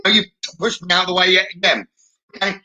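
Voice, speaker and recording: A man giving chatty live-streamed spirit readings as a psychic medium, often checking in with a quick "okay?". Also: high-pitched, fairly even intonation, sharp tone, lo-fi sound. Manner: chatty, relays messages with frequent "okay?".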